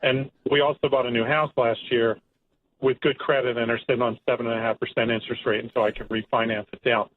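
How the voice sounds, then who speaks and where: A man's voice: medium pitch, little pitch movement, fast talker. A married man calling in to a radio show, plain-spoken and frustrated. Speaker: caller. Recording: tinny phone line with faint noise.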